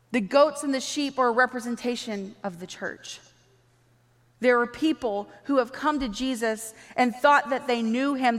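A woman with a high voice preaches a sermon, her words ringing with the long reverb of a large church hall. She is animated and slips into little acted-out exchanges. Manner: animated, acts out quoted dialogue.

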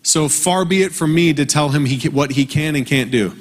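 A man in his thirties preaching a conversational, earnest sermon, slowing down for emphasis. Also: a little high. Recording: long reverb from a large hall.

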